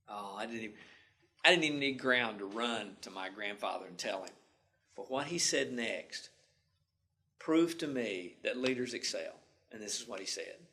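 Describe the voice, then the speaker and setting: A man's voice: fairly low pitch, a little fast, sharp tone. A male instructor telling a story in a folksy, homespun way during a lecture.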